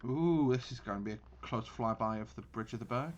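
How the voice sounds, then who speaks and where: A man's voice: medium pitch, brisk, muffled recording, a little hiss or hum. A man giving casual gameplay commentary on a naval battle game, thinking aloud with frequent restarts. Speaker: gaming channel host.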